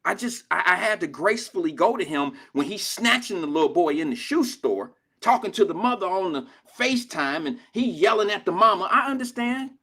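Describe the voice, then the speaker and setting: A man's voice: high voice, expressive, fairly quick, hardly any pauses, bright, forceful tone, slightly rough. An older man hosting a drive-time radio show, telling stories in casual, profane street slang. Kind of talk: casual talk radio monologue.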